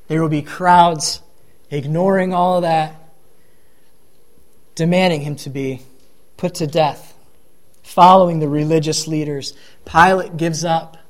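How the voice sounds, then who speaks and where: A man preaching a sermon, reading scripture and acting out the crowd's and Pharisees' words with rising emphasis. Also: a little high.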